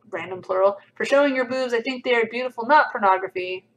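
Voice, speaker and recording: A woman's voice: a little high, fast talker, few pauses, rough recording. A young woman hosting a casual livestream, reading comments aloud with a dry, sarcastic edge.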